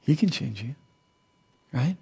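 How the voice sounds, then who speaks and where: A middle-aged male pastor preaching a sermon, animated and humorous, moving between loud emphatic stretches and hushed earnest ones. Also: mid-range voice, takes it slowly, vocal fry, slightly rough.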